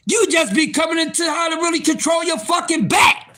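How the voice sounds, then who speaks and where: A man in his fifties hosting a live stream, ranting loudly and profanely at his viewers in disbelief. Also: very high-pitched, moderate pace. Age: 50s. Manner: loud, profane, incredulous ranting. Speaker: livestream host.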